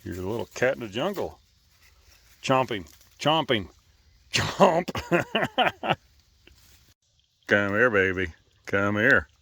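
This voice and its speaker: A man's voice: on the low side, fairly bright tone, no room sound. A man chatting playfully to his pets outdoors by a river, teasing, coaxing and laughing often. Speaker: pet owner filming his animals. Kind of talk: casual talk to pets.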